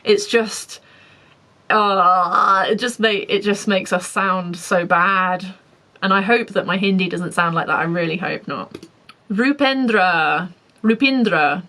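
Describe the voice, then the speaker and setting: A woman's voice: mid-range voice, steady tone, measured pace, pushed and bright, poor audio. A young woman with a British accent, chatting casually as a vlogger reacting to comments, candid with wry asides. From Britain.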